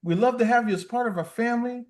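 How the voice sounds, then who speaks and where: A man's voice: very high voice, fast. A man hosting a casual livestream, playful and reading viewer comments aloud. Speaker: livestream host.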